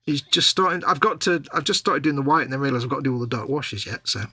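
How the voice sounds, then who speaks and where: A man's voice: medium pitch, fast talker, sharp tone, husky, no room sound. A man co-hosting a live model-making stream, chatting in a rambling way and reading out viewers' comments. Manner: rambling, restarts a lot, reads out chat comments. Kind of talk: casual live-stream chat.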